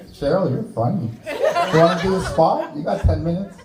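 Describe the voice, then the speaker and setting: A man's voice: fairly high pitch, big pitch swings, moderate pace, roomy sound, over loud music, poor audio. A Canadian man doing a stand-up set in a small bar, teasing the audience with crude jokes. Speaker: stand-up comedian. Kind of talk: stand-up set with crowd work.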